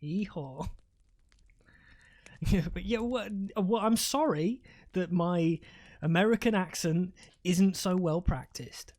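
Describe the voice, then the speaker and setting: A woman's voice: fairly low pitch, a little slow, darkish tone. Woman, live game caster, casual, rambling, swears a lot, chuckles. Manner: rambling, swears freely, laughs at own jokes. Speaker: esports caster.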